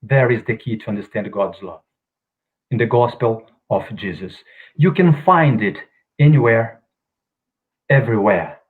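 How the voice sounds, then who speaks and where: A man's voice: medium pitch, expressive, a little slow, pauses often. Man speaking over a tinny call line. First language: Portuguese. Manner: hesitant, many ums, non-native grammar. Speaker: guest speaker. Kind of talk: spiritual talk on video call. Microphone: video call. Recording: tinny phone-like call audio.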